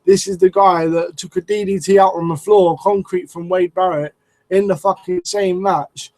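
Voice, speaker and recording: A man's voice: high-pitched, fairly even intonation, moderate pace, a little mellow, no echo, low-quality recording. A man reviewing a wrestling show in a casual, rambling way, swearing and restarting his sentences often. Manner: rambling, profane, lots of restarts and fillers.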